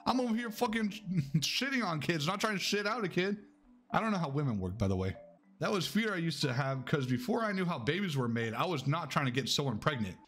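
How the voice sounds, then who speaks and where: A young man streaming a game live, joking loudly with chat and swearing a lot. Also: fairly high pitch, sing-song, a little fast, soft background music.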